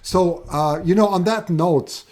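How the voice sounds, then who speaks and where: A man with a German accent hosting a live stream, chatting enthusiastically to viewers with many halting restarts. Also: sits high, a little mellow. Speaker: host of a livestream. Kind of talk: casual live-stream chat.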